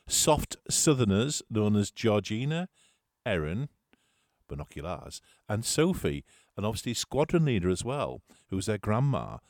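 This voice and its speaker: A man's voice: fairly low pitch, no echo, studio quality. Chatty man DJing live radio. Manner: chatty, teasing banter with listeners. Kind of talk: live radio show with listener shout-outs.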